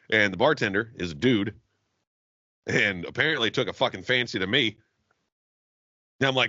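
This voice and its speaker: A man's voice: a little fast, long pauses, no echo, muffled recording. A man co-hosting a comedy podcast, telling profane stories in casual banter and laughing often. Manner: profane storytelling, laughs often, lively swings in pitch.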